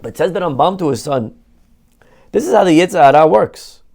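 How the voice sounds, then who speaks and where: A man's voice: on the high side, animated, brisk, vocal fry, a little mellow. A male rabbi teaching a Torah lesson, telling stories animatedly and dropping in Hebrew terms.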